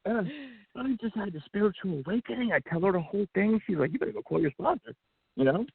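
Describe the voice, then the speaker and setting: A man guest on a podcast telling an emotional personal story, animated and acting out what people said, with many fillers and restarts. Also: sits high, fast talker, creaky, breathy edge, no room sound. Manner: animated, acts out quotes, frequent fillers and restarts. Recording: phone-like narrow band audio.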